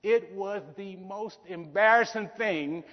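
A man's voice: high-pitched, slow. A middle-aged man giving a motivational keynote speech, telling stories with feeling and repeating key phrases. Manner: emotional storytelling with repeated phrases. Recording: reverberant hall, dull sound.

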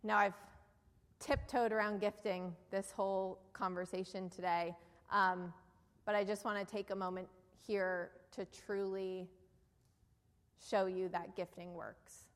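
A woman with a New Jersey accent speaks to an audience from a stage in an event hall, and her voice trails off into a long reverb. Her pitch sits in an ordinary middle range for a woman. She makes her case in an earnest, persuasive way and keeps putting questions to the room. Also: flat delivery, unhurried. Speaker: keynote speaker. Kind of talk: motivational business presentation.

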